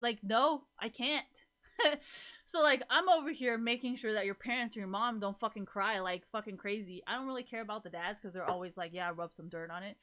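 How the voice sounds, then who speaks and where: Bright-voiced woman streamer, swearing freely. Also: fairly high pitch, fairly quick. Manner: rambling, heavy swearing, frequent laughter. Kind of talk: casual chat to viewers.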